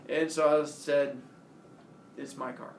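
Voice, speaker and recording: A man's voice: a little high, slow, slight background noise. Man telling a story in an echoey room. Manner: animated storytelling, acts out quoted voices. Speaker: storyteller host. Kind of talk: casual anecdote telling. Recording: roomy echo, distant from the mic, faint ambience.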